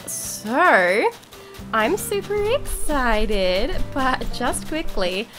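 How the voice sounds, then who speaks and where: A woman giving casual gameplay commentary as a YouTuber, gushing, giggly and excitable, with mild swearing. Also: a little high. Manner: bubbly, giggly. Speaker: gaming YouTuber.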